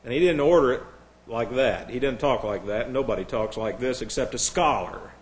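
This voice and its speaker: A man's voice: medium pitch, moderate pace. A man preaching a sermon in a sarcastic, mocking way. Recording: echoey room.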